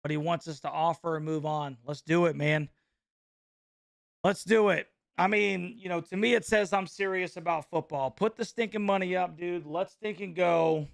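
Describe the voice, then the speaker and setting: A man, hosting a casual live-stream reaction chat in an excitable, slangy way, laughing often and calling everyone bro. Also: sits high, normal speed, creaky, no room sound, studio quality. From North Carolina.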